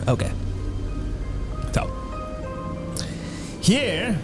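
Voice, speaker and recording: A goofy male host talks casually to his audience from his home setup. His voice sits fairly high and swings widely. He takes his time with each line. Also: a little slow, over loud music. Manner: playful, goofy, animated. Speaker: show host. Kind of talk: casual show hosting. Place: home studio with lights.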